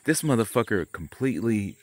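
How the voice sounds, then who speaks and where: A man's voice: lowish voice, lively intonation, a little fast. A man vlogging to his viewers in a rambling, profane, conspiratorial monologue while he works on a painting. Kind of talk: rambling casual monologue to camera.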